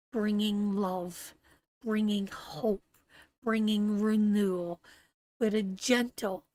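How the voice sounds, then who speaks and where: A woman with a Canadian accent giving a live tarot reading, talking slowly and tenderly, repeating phrases and getting emotional. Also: medium pitch, no room sound. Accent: Canadian English. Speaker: tarot reader.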